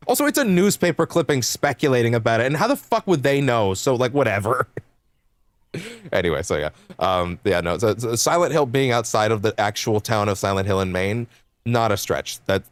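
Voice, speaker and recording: A man's voice: lowish voice, dry recording. Rambling, laughing young man streamer. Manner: rambling, animated, laughs often, swears casually. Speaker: game streamer. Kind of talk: casual chat while livestreaming.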